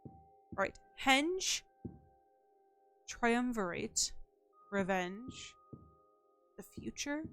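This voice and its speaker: Young woman, game streamer, casual chatty talk, fairly high pitch, thinks out loud. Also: expressive, very slow, pauses often, soft background music. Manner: chatty, thinks aloud, thanks chat. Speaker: streamer playing a mystery game. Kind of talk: casual live-stream chat.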